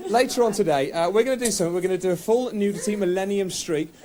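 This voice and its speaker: A man with a very high voice hosts a live television broadcast. He jokes around and raises his voice to quiet a rowdy crowd. A busy party crowd is heard around him. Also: fast talker. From England. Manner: lively, jokey, shouting over a party crowd. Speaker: presenter. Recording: noisy crowded house party.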